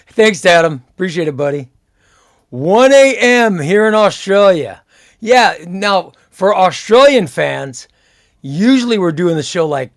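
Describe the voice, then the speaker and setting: A man with a gravelly voice and a fairly high pitch hosts a casual live stream. He talks loosely and rambles, circling back and repeating his phrases as he reads comments from his viewers.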